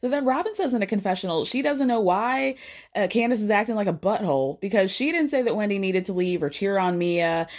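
Opinionated woman with a lively voice. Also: medium pitch, a little fast. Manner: opinionated, animated retelling with frequent laughs and sighs. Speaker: reality TV recapper. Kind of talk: casual episode recap.

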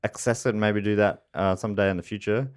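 A man's voice: lowish voice, fairly even intonation, fast talker. A man hosting a comedy podcast, chatting casually and bringing in listener quotes with amusement. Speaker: podcast host.

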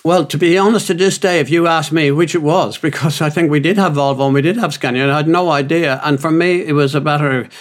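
A man's voice: a little high, quick pace, hardly any pauses. An older man co-hosting a podcast, telling rambling, self-mocking stories in casual chat. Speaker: podcast co-host.

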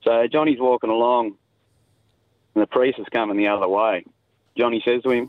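Caller, casual joke-teller, tinny dry phone sound. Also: male voice, mid-range voice, fairly even intonation, normal speed, long pauses, dry recording. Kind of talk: telling a joke in a voice message.

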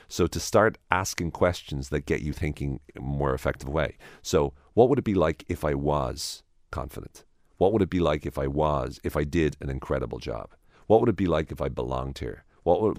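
A man's voice: very deep voice, no echo, clean studio sound. A man, a guest in an interview, explaining ideas at length with frequent restarts and acted-out inner voices. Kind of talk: conversational interview.

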